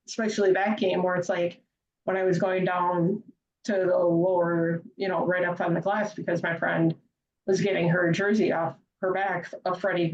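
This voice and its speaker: A woman guest on a podcast, a hockey fan, tells stories casually and chattily with lots of filler phrases. Her voice is on the low side and a little mellow, and the remote audio sounds distant, echoey and dull, with slight hiss or hum.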